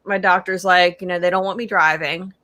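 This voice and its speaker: A woman's voice: fairly low pitch, steady tone, a little fast, pushed and bright, dry recording. A woman chatting with friends, frank and weary, unwell. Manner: frank, weary, talks about struggling. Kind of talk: casual chat among friends.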